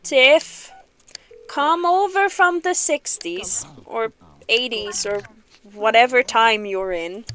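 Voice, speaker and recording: A woman's voice: on the high side, expressive, slow pace, fairly bright tone. A woman chatting casually while streaming a game, giggling often and playful. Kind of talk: casual gaming stream chat.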